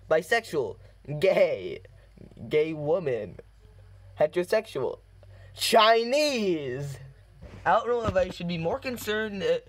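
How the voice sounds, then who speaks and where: A man hosts a comedy commentary video. His voice sits high, and he reads each post slowly and flatly before slipping in a dry remark. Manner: deadpan reading broken out by laughing fits. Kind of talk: reading posts aloud with jokey commentary.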